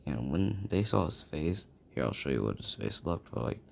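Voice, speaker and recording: A man's voice: extremely low pitch, very animated, normal speed, vocal fry, slight background noise. A man casually telling a fan-fiction story, rambling and checking in with the listener.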